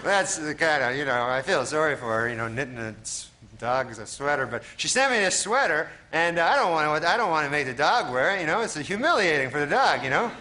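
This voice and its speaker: A man from Canada, a stand-up comedian telling rambling deadpan bits full of "you know" and then chatting as a guest. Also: on the high side, fairly quick, hardly any pauses. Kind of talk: stand-up monologue, then interview chat. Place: TV studio with live audience. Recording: TV studio audience laughter and noise.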